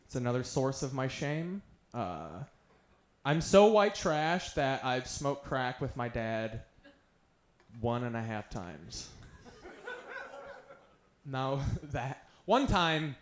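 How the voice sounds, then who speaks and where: A man's voice: mid-range voice, sing-song, takes it slowly, long pauses, slight background noise. Man telling stand-up stories in a roomy venue. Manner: self-mocking, offhand storytelling. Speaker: stand-up comedian. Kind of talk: stand-up storytelling.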